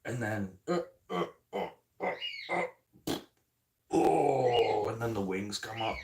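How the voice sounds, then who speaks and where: A man from the Canadian prairies chatting casually in a rambling, joking way, swearing constantly. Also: fairly low pitch. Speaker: vlogger.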